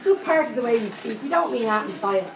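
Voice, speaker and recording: Woman doing a cheeky swearing 78 yr old dublin granny psychic, dublin accent, bit high, echoey room far from the mic. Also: animated, fast talker, vocal fry, slight background noise. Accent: Dublin Irish. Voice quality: salty, swearing constantly, chatty asides. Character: brash foul-mouthed 78-year-old Dublin psychic woman. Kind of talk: live stage comedy monologue. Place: live venue stage.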